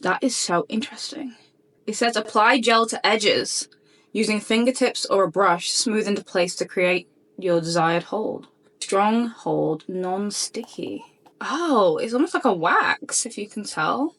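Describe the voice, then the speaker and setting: A young woman chatting to camera as a beauty vlogger, gushing and excitable as she unboxes products in fast bursts. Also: mid-range voice. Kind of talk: casual unboxing chat to camera.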